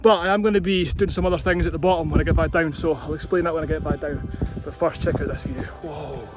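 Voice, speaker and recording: A man's voice: fairly high pitch, fairly even intonation, fast, over music. Breathless man hiking uphill. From Scotland. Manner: chatty, breathy from climbing, marvels at the view. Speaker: running vlogger. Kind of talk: casual vlog while hiking. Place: steep hillside outdoors.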